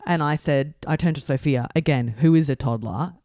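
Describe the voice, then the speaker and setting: A young woman with a slightly low voice, recorded close and dry in a small studio. She tells an anecdote in relaxed podcast chat, animated and full of swearing. Her delivery is chatty and expressive. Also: brisk, no echo. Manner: animated storyteller, swears freely. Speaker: podcast guest. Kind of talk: casual chat.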